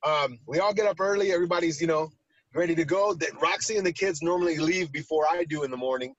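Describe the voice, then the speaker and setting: A man casually telling a personal story on a talk show, animated and acting out the quoted lines. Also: fairly high pitch, fast, dull audio. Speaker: podcast co-host.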